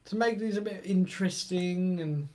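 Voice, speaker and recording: A man's voice: high voice, moderate pace, darkish tone. A middle-aged man, hosting a live stream and chatting casually while reading the chat aloud.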